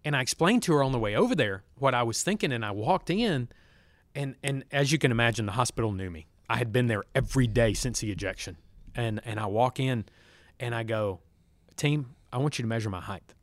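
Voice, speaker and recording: A man's voice: mid-range voice, lively intonation, a little fast, no room sound. A man telling his story as a podcast guest, acting out quoted dialogue. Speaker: podcast guest, former fighter pilot. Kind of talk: storytelling interview. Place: studio. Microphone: studio mic.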